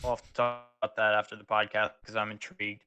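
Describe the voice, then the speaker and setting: A man's voice: fairly low pitch, level tone, fast, muffled recording. A teenage boy co-hosting a podcast, easygoing and agreeable, often chiming in with short replies. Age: teens. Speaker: podcast co-host. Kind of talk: casual chat.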